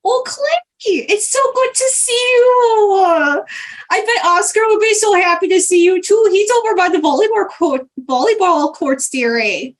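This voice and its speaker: A woman's voice: extremely high pitch, lively intonation, unhurried, voice pushed up. A woman voicing a fussy, doting older woman who sing-songs and calls everyone "dear" in a tabletop role-play. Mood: gushing.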